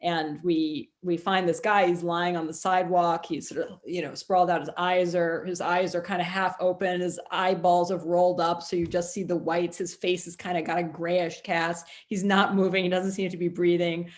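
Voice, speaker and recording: A woman's voice: fairly low pitch, level tone, normal speed, few pauses. A middle-aged woman author speaking as a guest on a video call, telling stories in a chatty way with many ums and restarts. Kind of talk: conversational storytelling.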